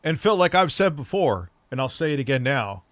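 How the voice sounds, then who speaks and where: A man's voice: mid-range voice, sing-song, brisk, fairly bright tone, dry recording. A man hosting a live stream, mocking and ranting with plenty of swearing as he reacts to a clip. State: recovering from a leg injury. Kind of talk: casual live-stream commentary.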